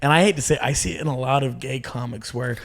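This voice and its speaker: A man who is a stand-up comedian, chatting as a podcast guest, telling animated, profane stories and acting out what people said. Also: medium pitch, fast talker, creaky. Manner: animated storyteller, profane, acts out quotes. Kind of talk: casual podcast chat.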